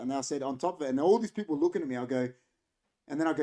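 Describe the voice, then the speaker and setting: An Australian man with a somewhat high voice tells a story on a casual podcast. He acts out what people said with plenty of energy. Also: very fast. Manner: animated storytelling, acts out quotes. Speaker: podcast host. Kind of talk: casual chat.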